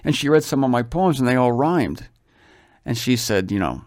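A man's voice: lowish voice, lively intonation, a little fast, a little mellow, dry recording, clean studio sound. Older man reading and commenting on scripture. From Ohio, USA. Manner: enthusiastic, storytelling, exclaims often. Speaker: Bible reader and commentator.

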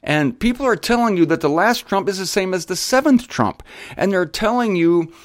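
A man's voice: sits high, lively intonation, normal speed, dry recording, clean studio sound. A man hosting a show, teaching the Bible in an emphatic, conversational way that wanders into side remarks and talks straight to his listeners. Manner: spells words out letter by letter.

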